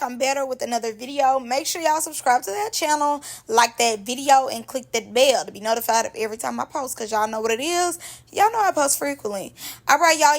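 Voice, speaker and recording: Gravelly, high-voiced woman vlogger. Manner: animated, slangy, chatty. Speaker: YouTuber recapping reality TV. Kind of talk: casual commentary vlog.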